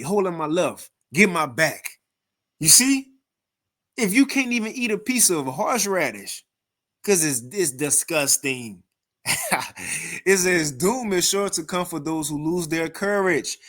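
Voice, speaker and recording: A man with a somewhat high voice gives loose, conversational scripture commentary. He reads passages aloud and breaks in with animated, mocking asides, often stumbling over and repeating his words. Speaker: scripture teacher reacting to another video. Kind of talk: informal scripture commentary with readings.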